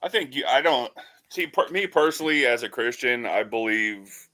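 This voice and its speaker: A man's voice: mid-range voice, animated, moderate pace, pushed and bright. A man hosting a talk show, mostly giving short agreeing replies and hesitating when he answers a question. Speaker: host. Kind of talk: casual interview chat.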